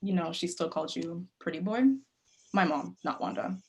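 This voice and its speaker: A woman's voice: on the low side, steady tone, moderate pace, natural voice. A woman playing a tough, defiant grieving young woman. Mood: softening. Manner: guarded, blunt, sharp-tongued. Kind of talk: play reading over video call. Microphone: video call mic.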